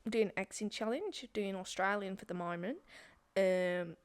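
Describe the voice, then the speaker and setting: A woman's voice: mid-range voice, normal speed, clear, resonant tone. A woman co-hosting a podcast who chats casually and teases her partner in a playful way. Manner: teasing, playful. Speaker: podcast co-host. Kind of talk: casual chat.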